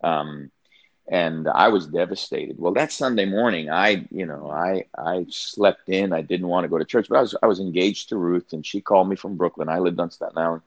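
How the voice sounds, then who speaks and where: A man's voice: low voice, moderate pace, dry recording, dull audio. An older man, a pastor, telling a personal story as an interview guest, earnest and often restarting his sentences.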